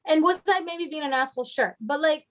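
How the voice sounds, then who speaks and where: Young woman, high voice, sassy and profane, casual story chat. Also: a little fast, a bit bright. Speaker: storyteller guest.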